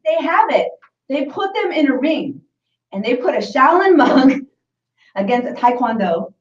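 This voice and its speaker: A woman's voice: high-pitched, sing-song, a little slow. A woman co-hosting a casual live-stream chat show, playful and laughing often. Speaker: co-host. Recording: roomy, distant, dull live-stream audio.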